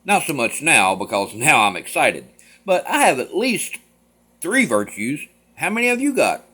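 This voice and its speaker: A man's voice: fairly high pitch, very animated, moderate pace, husky, full character voice. A man doing a brash, boastful young suitor. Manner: loud, grandiose declamation.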